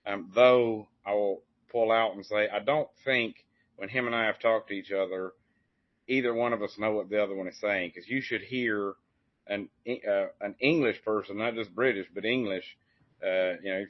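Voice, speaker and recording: This podcast host speaks at a moderate pace in a steady voice on the low side, his casual conversation rambling and folksy with many fillers and restarts. The recording is dry, dull lo-fi audio.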